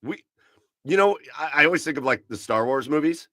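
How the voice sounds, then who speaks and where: A man co-hosting a casual podcast from his garage, chatting in a relaxed, rambling way and gushing about beer. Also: a little high, a little fast, no echo, studio quality. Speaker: podcast co-host. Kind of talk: casual chat. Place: home garage.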